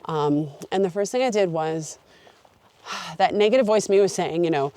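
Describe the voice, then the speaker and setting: A woman's voice: fairly low pitch, normal speed, dark tone, no echo. Earnest woman vlogging on a mountain trail. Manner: earnest, open and heartfelt. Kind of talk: reflective talk to camera.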